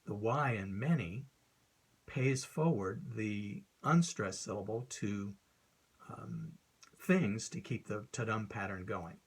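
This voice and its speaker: A man, an author, explaining a poetic rhythm in an informal lesson, talking unscripted with many ums and uhs and reciting verse slowly. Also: lowish voice, slightly rough.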